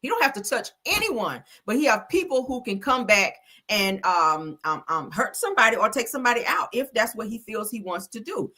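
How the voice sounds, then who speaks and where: A woman's voice: fairly high pitch, moderate pace. A woman hosting casual news commentary, blunt and profane, talking straight to her viewers. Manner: animated, blunt, profane, addresses viewers directly. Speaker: commentary host.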